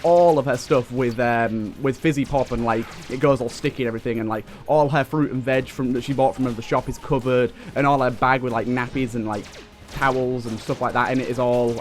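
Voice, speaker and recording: A man's voice: medium pitch, steady tone, normal speed. A young British man telling a rambling story over gameplay, with lots of restarts and fillers. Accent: British English. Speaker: let's play host. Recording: faint game music behind the voice.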